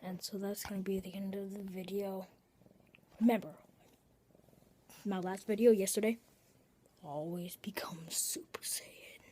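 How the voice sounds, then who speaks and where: A woman chatting casually in a home video, showing her pet and rambling with breathy asides and self-corrections. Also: medium pitch, steady tone, a little slow, long pauses, mellow, a little hiss or hum.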